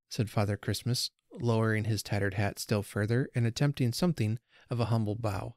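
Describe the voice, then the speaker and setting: A man hosting a podcast, reading a story aloud in measured, unhurried narration. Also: on the low side, fairly even intonation, no room sound, clean studio sound. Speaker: podcast host.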